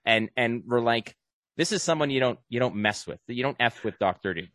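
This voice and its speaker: A man's voice: medium pitch, expressive, fairly quick, fairly bright tone, no room sound, studio quality. A man co-hosting a podcast in casual chat, loose and rambling, with jokey comparisons. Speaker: podcast co-host.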